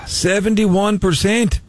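A man's voice: sits high, steady tone, drawn-out words, faint music behind, full character voice. A man putting on a Canadian border officer, eh. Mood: aggrieved. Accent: put-on Canadian. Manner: folksy, says "eh" and "there" constantly. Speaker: radio host. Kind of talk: prank phone call.

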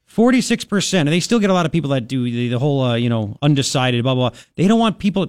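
Radio host, male, thirties, chatty and rambling, a touch high-pitched, dry studio sound. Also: no room sound. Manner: rambling, chatty, lots of restarts and fillers. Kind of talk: casual talk radio monologue.

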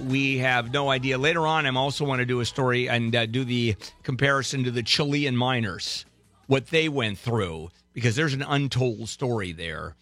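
A man hosting a radio talk show in a studio, bantering casually with irreverent dark humor and halting, filler-heavy delivery. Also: medium pitch. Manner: halting, with many filler sounds. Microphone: studio microphone.

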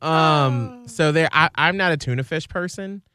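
A man's voice: on the high side, unhurried, sharp tone, clean tone, no echo. A man hosting a podcast in casual, teasing chat. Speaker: podcast host.

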